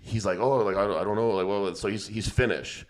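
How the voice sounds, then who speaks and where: A man's voice: on the low side, fairly even intonation, brisk, a little hiss or hum. A man hosting a podcast, telling a rambling story with lots of swearing and laughter in a casual chat. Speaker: podcast host.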